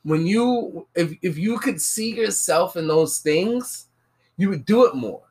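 A woman's voice: fairly low pitch, animated, measured pace, a little mellow. A woman in casual conversation, making her point earnestly with slang and repeated check-ins to the listener. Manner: argues earnestly with slang and repeated "you get what I'm saying". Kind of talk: casual chat.

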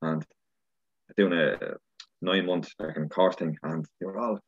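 Guest, Irish man, deep husky voice, quick and animated, muffled lo-fi recording. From Ireland. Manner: animated storyteller, swears freely. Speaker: podcast guest. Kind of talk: casual chat. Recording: dull lo-fi sound.

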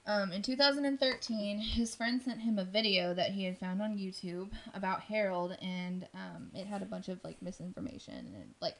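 A woman's voice: medium pitch, normal speed, hardly any pauses, a little hiss or hum. A woman casually telling a spooky story on a podcast, rambling with lots of ums and likes.

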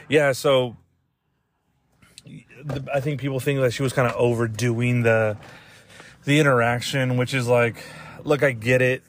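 A man's voice: mid-range voice, dry recording. A young man hosting a podcast, rambling casually with lots of swearing and laughter. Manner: loose, profane, rambling with laughs. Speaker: podcast host. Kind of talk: casual rant.

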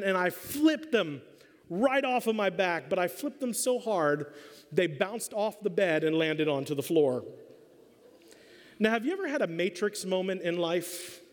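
A middle-aged man preaching a sermon as a pastor, telling a funny story and acting out the voices. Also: high-pitched. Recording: long hall reverb.

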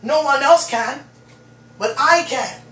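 A woman's voice: high-pitched, lively intonation, slow, bright, forceful tone, a little hiss or hum. Fervent woman preaching a spiritual message. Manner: fervent, preaching, repeats phrases. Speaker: person giving a spiritual message. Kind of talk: emotional spiritual monologue to one listener.

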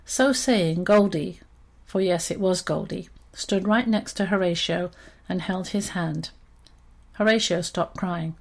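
Woman, storyteller, children's story, expressive reading, lowish voice. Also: a little slow, gravelly.

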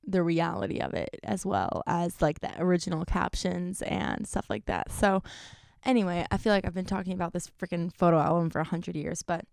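A woman's voice: on the low side, expressive, brisk, gravelly, a little mellow, no echo, studio quality. A young woman talking to camera in a casual vlog, chatty and self-deprecating, filling her sentences with "like.". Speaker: YouTuber.

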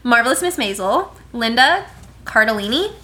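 Young woman, bright clear voice, a touch high, breezy co-host, faint hiss behind. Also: big pitch swings. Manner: breezy, reads names aloud with quick asides. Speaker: podcast co-host. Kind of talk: casual chat, reading a list.

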